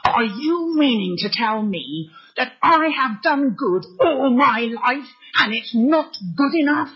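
Woman doing an outraged older man, yelling high and strained, husky, muffled recording. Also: expressive, slow, exaggerated voice. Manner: shouting in outrage. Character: furious red-faced older man, outraged host.

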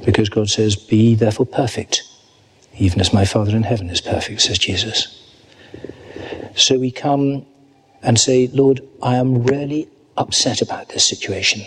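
A man preaching a sermon at a church service, earnest and reading scripture slowly and deliberately. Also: medium pitch, steady tone, slight background noise.

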